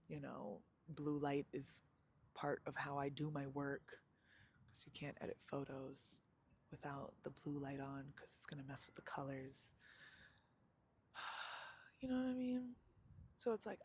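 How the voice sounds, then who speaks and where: A woman's voice: low-pitched, fairly even intonation, unhurried, pauses often, darkish tone, slightly rough. A young woman vlogging live outdoors in a chatty, slangy, self-mocking way, laughing often. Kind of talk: casual live vlog chat.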